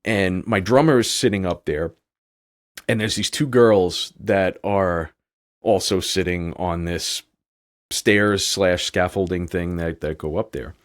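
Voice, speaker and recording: This podcast host from New York has a deep, slow voice. He tells a long story in a loose, rambling way, leaning heavily on the word "like."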